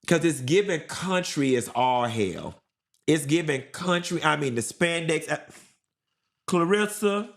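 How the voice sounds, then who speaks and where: Man, live stream host, sassy, animated, repetitive gossip commentary, slightly high voice. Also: unhurried, vocal fry. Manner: sassy, animated, repeating for emphasis. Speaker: livestream host.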